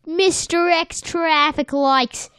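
A woman putting on a loud New York newspaper boy with drawn-out street-vendor calls. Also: extremely high pitch, fairly even intonation, no room sound, clean studio sound, voice pushed up, heavily acted. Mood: hawking. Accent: put-on New York.

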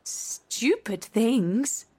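A woman's voice: mid-range voice, animated, a little slow, a little mellow, husky. A woman voicing Alice, a curious young girl at a trial. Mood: indignant.

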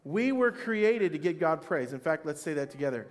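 A man's voice: on the high side, very animated, moderate pace. Preaching man, reading scripture with rising fervor. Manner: reads scripture aloud and rises to shouted praise lines; calls questions to the congregation. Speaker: pastor. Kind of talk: sermon.

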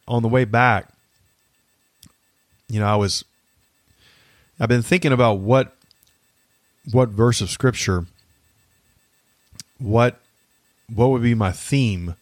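A man in his thirties hosting a faith podcast, talking about grief in an earnest, halting way with many fillers and restarts. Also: on the low side, dry recording, clean studio sound. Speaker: podcast host. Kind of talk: faith-based personal reflection.

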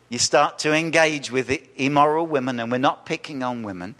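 A male pastor preaching a sermon, animated, acting out quoted voices and asking the congregation questions. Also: fairly high pitch, a little fast, hardly any pauses. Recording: reverberant church hall.

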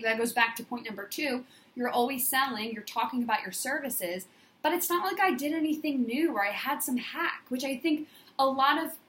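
A woman's voice: on the high side, a bit bright, echoey room. A woman business coach giving an emphatic, repetitive motivational monologue in affirmation style.

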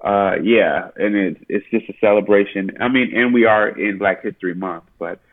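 A man, an actor, chatting casually as a guest in an interview, playful and quick to laugh. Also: on the low side, narrow, tinny audio. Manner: laughs often, lively and playful.

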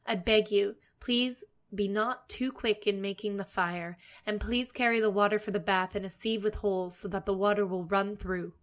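Gentle little storybook girl, polite, soft, brave, read by a woman. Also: mid-range voice, steady tone, normal speed, hardly any pauses, close to an everyday voice.

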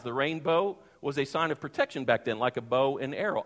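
A man's voice: fairly high pitch, moderate pace, few pauses, a bit bright. A man preaching a sermon in a conversational, emphatic way, asking the congregation questions. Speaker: pastor. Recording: long reverb of a large hall.

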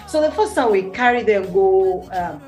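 A middle-aged woman from Nigeria with a Nigerian Pidgin accent speaks as a studio guest on a radio show. She tells her story in an animated way, and her voice leaps higher whenever she stresses a point. Faint music plays softly under her voice. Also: normal speed. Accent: Nigerian Pidgin English.

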